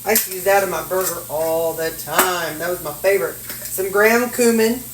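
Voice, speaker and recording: This cooking vlogger, a middle-aged Missourian, speaks at a moderate pace in a lowish voice, chatting homily to herself and her audience while she measures and cooks at home. The mic is distant in a roomy kitchen, and there's background noise plus clinking cutlery and dishes.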